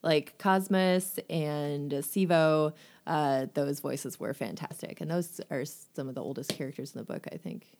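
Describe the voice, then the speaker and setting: Low-voiced woman co-host, agreeable. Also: unhurried, darkish tone, slight background noise. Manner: agreeable, many yeahs and mm-hmms, hesitant restarts. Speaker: podcast co-host. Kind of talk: casual book discussion.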